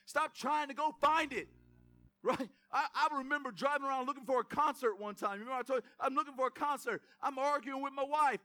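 A man preaching an energetic sermon in a church, speaking straight to the congregation with emphatic repetition. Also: very high voice, normal speed. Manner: fired-up, addresses congregation directly, emphatic repetition. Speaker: pastor. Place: church sanctuary.

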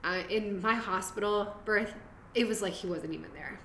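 A woman's voice: mid-range voice, moderate pace, a bit bright, a little hiss or hum. A young woman telling her birth story as a podcast guest, chatty and laughing, drifting into tangents. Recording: roomy echo.

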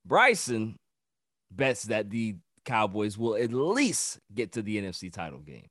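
A man hosting a casual sports podcast, animated and playfully protesting with easy laughter. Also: fairly low pitch, measured pace, dry recording, studio quality. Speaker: podcast host.

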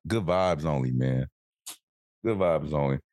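Deep-voiced man in casual chat. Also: measured pace, dry recording, studio quality. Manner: animated, swears freely, acts out quoted voices. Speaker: podcast co-host.

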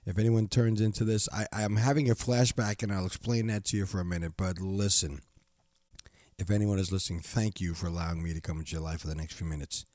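A man's voice: deep voice, steady tone, quick pace, no echo. An older man hosting a motivational podcast alone, giggling often and repeating his phrases as he talks into a studio microphone. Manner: giggly, warm-hearted, repeats himself. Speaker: podcast host. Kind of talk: casual motivational monologue.

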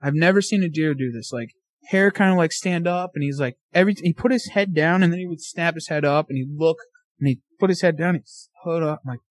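A man's voice: on the high side, a little fast. Amped-up man telling a hunting story. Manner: animated storyteller, quoting himself and his friend. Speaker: podcast guest.

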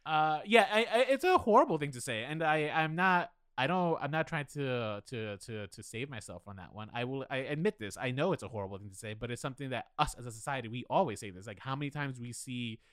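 A man's voice: mid-range voice, animated, fast, hardly any pauses, fairly bright tone, clear, resonant tone, no room sound, clean studio sound. A man co-hosting a podcast, giving candid, opinionated takes on films in a casual chat and owning up to his own bias. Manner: opinionated, candid, self-deprecating. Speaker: podcast co-host. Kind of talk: casual film discussion.

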